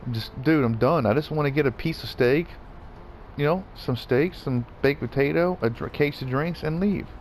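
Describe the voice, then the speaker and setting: A man's voice: a little high, normal speed. A man venting in a profane, repetitive rant while gaming, with faint background noise.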